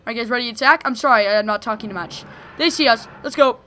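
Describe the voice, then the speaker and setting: A young woman commentates her gameplay with gushing excitement, bursting into shouts when fights start. Her voice is bright and a little high. Faint game sound hums underneath. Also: quick pace, slight background noise. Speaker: gaming video host.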